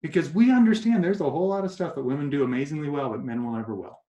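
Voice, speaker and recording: A man talks through his advice in a casual interview, telling anecdotes and slipping into quoted voices. His voice sits a bit high for a man. The room around him sounds echoey. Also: racing. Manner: animated storyteller acting out quoted voices. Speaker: guest coach.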